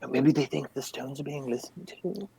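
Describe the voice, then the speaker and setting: A man's voice: mid-range voice, moderate pace, gravelly, darkish tone, breathy edge, dry recording. A man playing a tabletop game in casual chat, musing and hedging aloud.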